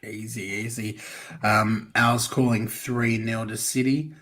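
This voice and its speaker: A man's voice: lowish voice, takes it slowly. Australian man hosting a chatty podcast. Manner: relaxed, chatty, reads out viewer comments. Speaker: podcast host. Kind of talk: casual football podcast chat.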